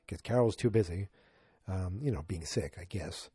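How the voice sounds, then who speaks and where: A man in his forties hosts a casual solo podcast, his low-leaning voice warm and husky with no echo. He rambles and jokes while retelling a sitcom episode, acting out characters' lines in quick bursts.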